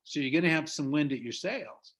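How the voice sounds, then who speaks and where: Middle-aged american guy on a zoom call, pumped up, preachy, kinda high voice. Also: expressive, a little fast, fairly bright tone. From United States. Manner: emphatic, preachy, laughs at own stories. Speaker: business trainer. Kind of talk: motivational talk on a video call. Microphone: video call.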